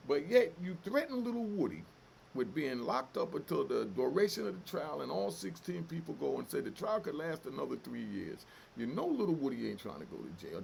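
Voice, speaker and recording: A man's voice: on the high side, creaky, a little mellow, slight background noise. A middle-aged man hosting a commentary channel, delivering fiery, emotional, profane street talk in a heated solo rant.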